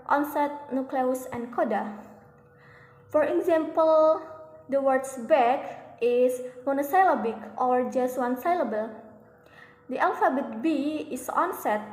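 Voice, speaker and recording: A young woman student reading a class presentation slowly and carefully, with a few restarts. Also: sits high, a little mellow. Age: young adult. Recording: echoey room with long reverb.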